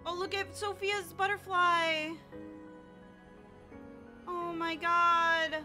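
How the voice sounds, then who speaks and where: High-voiced woman streamer with game music. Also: extremely slow. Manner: excitable, exclaiming, swears freely. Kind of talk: live gameplay commentary.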